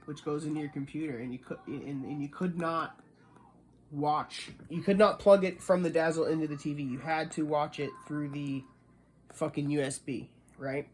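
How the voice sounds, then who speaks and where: Guy from boston rambling and swearing, kinda high voice, bit of background hiss. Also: fairly even intonation, normal speed, a little mellow. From Boston area. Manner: profane, rambling, explains with restarts. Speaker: streamer. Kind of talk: casual ranting chat.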